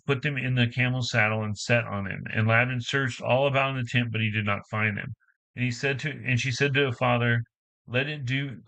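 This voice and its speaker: A man reading scripture aloud in a halting way, restarting phrases and adding casual asides. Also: medium pitch, fairly bright tone, low-quality recording. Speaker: Bible reader and commentator.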